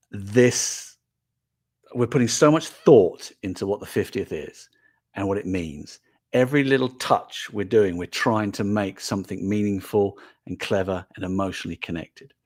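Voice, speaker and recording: Talking to a live-stream audience as a toy brand manager, an older man with a voice on the low side sounds casual yet earnest. He often uses filler words and starts his sentences over.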